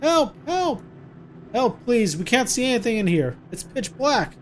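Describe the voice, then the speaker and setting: A man voicing a frightened young mother who talks to her little son in a hushed, soothing way, reading game dialogue aloud. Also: medium pitch, a little fast, slight background noise, lightly acted. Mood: frantic shouting. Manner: hushed and soothing, coaxing a child.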